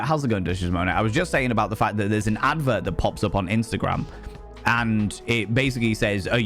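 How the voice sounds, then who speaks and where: A middle-aged man rants to his live-stream chat, swearing freely and restarting his sentences as he gets worked up. His voice sits at an ordinary middle pitch. Soft music plays quietly underneath. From United Kingdom. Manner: heated, sweary, rambling with restarts. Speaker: livestreamer.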